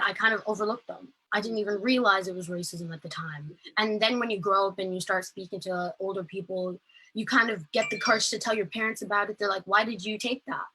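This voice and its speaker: A woman's voice: medium pitch, pushed and bright, slightly rough, rough recording. A woman, giving earnest, impassioned personal testimony over a video call. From Ireland. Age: late teens. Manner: earnest, impassioned, filler-heavy storytelling. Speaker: protest speaker.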